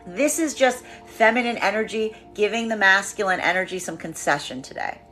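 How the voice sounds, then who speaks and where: A woman's voice: mid-range voice, normal speed, fairly bright tone, faint music behind. A woman giving a collective tarot reading, emphatic and prone to repeating phrases as she acts out what the energies are saying. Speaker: tarot reader.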